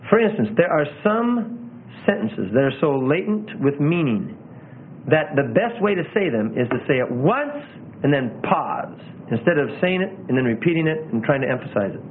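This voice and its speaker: A man teaching how to preach, earnestly showing emphasis and pauses with his own voice. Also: on the high side, very animated, a little hiss or hum. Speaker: preaching instructor. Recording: tinny phone-like sound.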